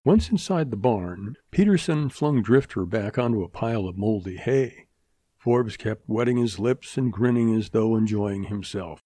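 A man reading a western novel as an audiobook, in steady, measured narration. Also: lowish voice, no echo.

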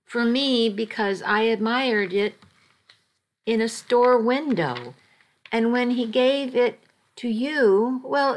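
A woman reading as a pleading teenage girl. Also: on the high side. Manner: earnest, hurried pleading.

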